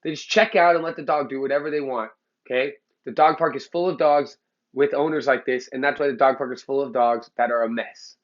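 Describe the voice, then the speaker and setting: In a muffled recording, a dog trainer from LA bluntly lectures the camera with heat and profanity. He talks fairly quickly at a medium pitch with a steady tone.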